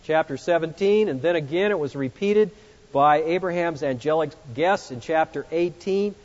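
A man preaching an expository sermon, emphatic, swinging between loud exclamations and hushed, reflective passages. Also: high-pitched. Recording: muffled sound with long hall reverb.

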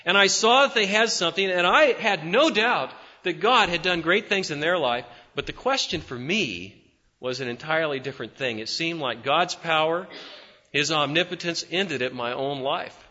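A man preaching a sermon with fervor, swinging between loud, emphatic peaks and hushed, low passages. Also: expressive, moderate pace, long reverb tail, muffled recording. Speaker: pastor.

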